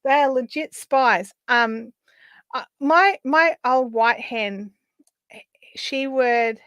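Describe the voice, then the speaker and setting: A woman's voice: sits high, slow, smooth, no echo. Chatty Australian woman hosting a craft stream. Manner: chatty storytelling, often trailing off into quiet asides. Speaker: host of a live craft stream. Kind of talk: casual chat while crafting.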